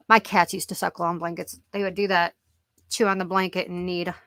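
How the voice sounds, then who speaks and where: Middle-aged lady rambling on a live stream, gravelly and bright, laughs a ton, dry close mic. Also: lowish voice, flat delivery, normal speed, no echo. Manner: rambling and jokey, laughs a lot. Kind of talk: casual live-stream chat reading comments.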